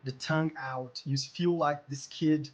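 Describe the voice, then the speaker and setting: A man running a tabletop role-playing game as game master, narrating vividly with pauses and fillers. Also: fairly high pitch, steady tone. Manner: vivid, pausing with fillers, acts out voices.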